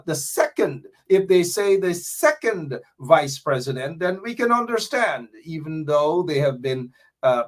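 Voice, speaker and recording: A man from Guyana with a Guyanese accent, hosting a radio talk show in a rambling, chatty way with many fillers. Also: on the high side.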